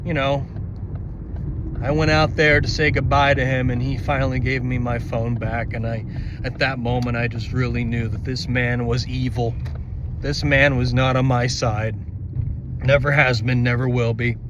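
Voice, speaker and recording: A man's voice: medium pitch, little pitch movement, moderate pace. A male comedian rambling through a casual, self-deprecating podcast monologue from inside a car. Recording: slightly muffled car recording with road hum.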